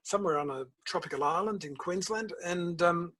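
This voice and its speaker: An older man, a guest author and principal telling stories in a measured, reflective interview. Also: high-pitched, sharp tone, poor audio. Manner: measured storytelling, tells anecdotes.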